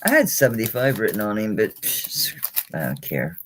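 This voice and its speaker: A woman's voice: a bass voice, moderate pace, slight background noise. A woman running a live jewelry auction stream, chatting casually and showing pieces as she talks, sounding a little tired and swearing mildly now and then. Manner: chatty and salty, with frequent mild swearing; animated, talking while handling and showing items. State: tired and yawning late in the stream.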